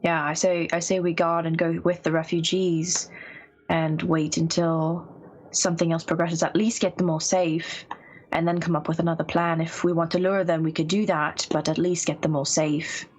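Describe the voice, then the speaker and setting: A woman's voice: low voice, little pitch movement, moderate pace, low-quality recording. A woman player earnestly arguing for a plan in a tabletop game, often repeating and restarting her words. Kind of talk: tabletop game strategy chat.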